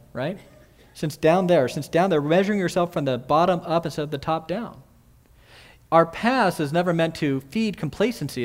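A man preaching an expository sermon in an earnest way, repeating key phrases and asking the listeners questions. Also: on the high side. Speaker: pastor.

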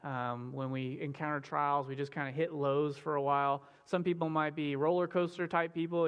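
Man, sermon-style teaching, earnest and casual, somewhat high pitch, reverberant hall. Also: flat delivery, normal speed, few pauses, smooth. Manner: earnest, conversational, with frequent fillers. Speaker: teacher on biblical counseling.

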